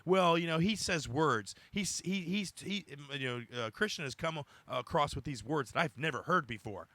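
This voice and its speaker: A man's voice: fairly high pitch, fairly quick, few pauses, dry recording. A man hosting a podcast, telling a heated story in casual chat and acting out the other people's lines. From United States. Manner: heated, animated storytelling with quoted dialogue. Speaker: podcast host.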